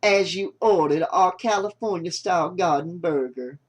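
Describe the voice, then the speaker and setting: A man reading an audiobook, voicing a heavyset waitress who answers flatly and unbothered. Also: high voice, normal speed. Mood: deadpan. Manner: flat, unbothered. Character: deadpan heavyset small-town waitress. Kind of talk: audiobook character voice.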